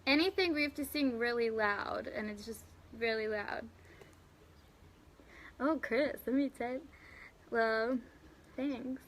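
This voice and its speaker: A woman's voice: fairly high pitch, slow pace, pauses often, bright, forceful tone, a little hiss or hum. A young woman hosting a casual live stream, chatting loosely and giggling as she answers viewers by name. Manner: loose and rambling with fillers. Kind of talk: casual live chat reading viewer comments.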